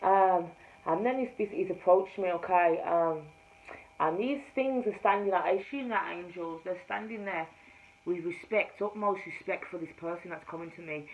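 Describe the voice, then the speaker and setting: A woman with a Jamaican-tinged accent, a tarot reader, telling her spiritual testimony to camera in an emphatic storytelling manner, swinging between hushed and loud. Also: lowish voice, normal speed, slight background noise. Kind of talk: personal testimony told to camera. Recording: slightly dull recording with faint room ambience.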